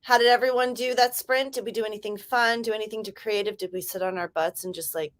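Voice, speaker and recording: A young woman from California, her accent drifting Southern, chatting casually with viewers as she hosts a writing livestream and greets them with sudden excited calls. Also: mid-range voice, fast talker. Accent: American, California drifting Southern.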